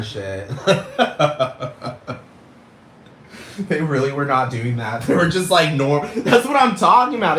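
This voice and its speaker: A man's voice: mid-range voice, unhurried, fairly bright tone, echoey room, slight background noise. A man ranting casually to camera in a vlog, swearing and emphatic, full of slang. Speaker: vlogger.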